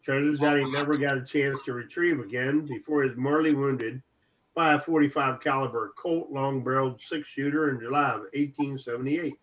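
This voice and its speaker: A man's voice: mid-range voice, a little fast. A man co-hosting an internet radio show, reading articles aloud and sometimes stumbling over words. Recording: dull lo-fi audio with steady noise.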